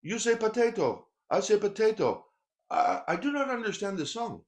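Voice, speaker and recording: A man imitating a puzzled Korean man speaking English with a Korean accent, in a halting, raised voice. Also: sits high, big pitch swings, voice pushed up.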